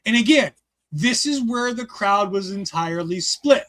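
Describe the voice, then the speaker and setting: A man co-hosting a casual show review, excited and rambling, swearing freely and filling his talk with "like". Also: sits high, a little slow. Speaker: podcast co-host reviewing a wrestling show.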